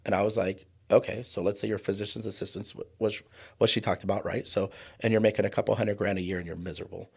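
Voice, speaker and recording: Fired-up man with a gravelly voice. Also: lowish voice, fairly even intonation, a little mellow. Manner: fired-up, preachy, slows down for emphasis. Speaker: podcast guest, trauma coach. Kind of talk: impassioned conversational podcast talk.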